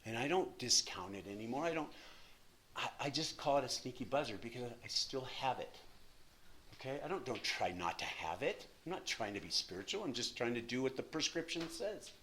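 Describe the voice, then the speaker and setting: Animated older man telling his story. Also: medium pitch, a little fast, a little hiss or hum. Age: 60s. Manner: animated, self-deprecating storytelling with repetitions. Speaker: recovery meeting speaker. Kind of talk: personal recovery story talk. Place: meeting room at a podium.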